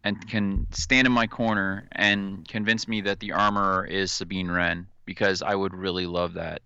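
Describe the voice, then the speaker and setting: Bright low-voiced man, playful podcast banter. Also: flat delivery, moderate pace, smooth, no echo, lo-fi sound. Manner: playful, acts out silly voices. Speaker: podcast co-host.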